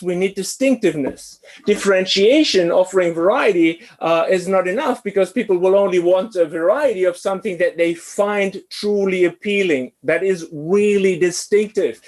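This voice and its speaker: Male business lecturer, higher-pitched, halting delivery full of fillers, online class. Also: darkish tone. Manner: hesitant, many uh fillers.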